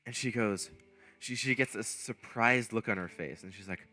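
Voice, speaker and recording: A man's voice: medium pitch, animated, normal speed, pushed and bright, faint music behind. A man casually telling a long, rambling anecdote, full of fillers and restarts. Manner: rambling anecdote with many fillers and self-corrections, laughing at himself. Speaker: streamer. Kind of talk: casual storytelling.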